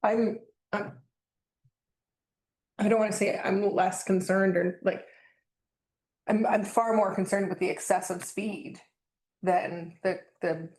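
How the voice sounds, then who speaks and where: A woman's voice: mid-range voice, fairly even intonation, slow, pauses often, darkish tone. Woman, council member, earnest questions, restarts, echoey meeting room. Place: council chamber. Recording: roomy meeting-room sound.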